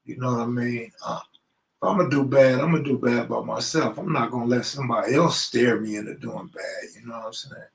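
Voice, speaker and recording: A man from Los Angeles hosts a casual live stream by himself, chatting straight to his viewers in loose street slang. His voice sits at an ordinary pitch and rings a bit in an echoey room. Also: brisk, gravelly. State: out of breath. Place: room at home, alone.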